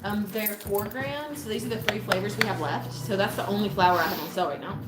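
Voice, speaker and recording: A woman behind a shop counter talks through products and prices quickly and helpfully. Her voice echoes around the room, and a loud background noise nearly covers it. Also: mid-range voice. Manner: helpful, explaining. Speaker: dispensary clerk. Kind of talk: customer service talk. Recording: noisy echoey shop audio.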